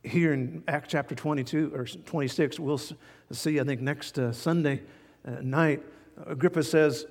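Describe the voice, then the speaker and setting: A man preaching a sermon as pastor, folksy and animated, chuckling now and then at his own jokes. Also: on the high side, moderate pace, long reverb tail.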